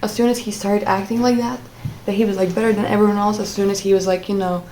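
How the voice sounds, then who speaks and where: A woman's voice: medium pitch, flat delivery, fast, mellow, slight background noise. A young woman telling a personal story in a casual monologue, rambling, with many fillers and restarts. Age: young adult. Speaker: vlogger.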